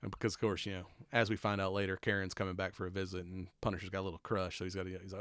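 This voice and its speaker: A man's voice: low-pitched, flat delivery, very fast, fairly bright tone, clear, resonant tone, dry recording. A man hosting a podcast, chatting casually through a TV episode recap, swearing freely, laughing often and acting out the characters' lines. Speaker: podcast host.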